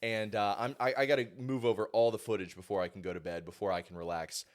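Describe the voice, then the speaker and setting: A young man in his twenties, a podcast host telling animated stories in casual chat and mimicking others. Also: on the low side, fast.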